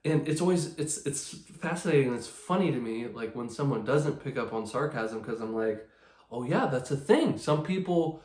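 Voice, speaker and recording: A man's voice: mid-range voice, expressive, moderate pace, hardly any pauses, a little mellow, reverberant. A man hosting his channel, talking casually and sarcastically in a rambling way with many restarts. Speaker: channel host. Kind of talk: casual talk about card collecting.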